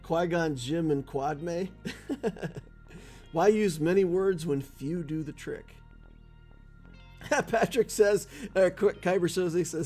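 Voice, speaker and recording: A man's voice: on the high side, slow, pauses often, darkish tone, faint music behind. A man streaming a video game, chatting casually and telling jokes with a laugh. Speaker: gaming streamer. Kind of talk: casual live-stream commentary with joke telling.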